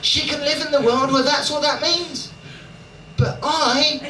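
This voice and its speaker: Male comic from Dorset, chatty and sweary, high pitch, recorded from a distance. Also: steady tone, a little slow. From Dorset, England. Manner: chatty, profane, frequent "right?" tags. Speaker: stand-up comedian. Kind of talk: live stand-up with crowd work. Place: comedy club in London. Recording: roomy live club, loud audience noise.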